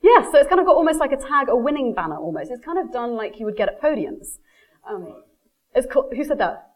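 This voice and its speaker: A woman's voice: on the high side, brisk, poor audio. A woman giving a live marketing presentation. She tells personal stories with energy and acts out the people she quotes, addressing the audience directly. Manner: lively storyteller, quotes people in animated voices. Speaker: speaker giving a marketing talk.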